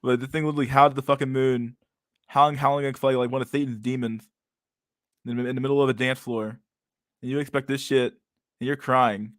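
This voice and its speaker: A man's voice: medium pitch, little pitch movement, brisk, fairly bright tone, no echo, studio quality. Sarcastic young man ranting. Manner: incredulous, sarcastic, profane, says dude a lot. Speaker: stream host reacting to videos. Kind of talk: casual profane reaction commentary.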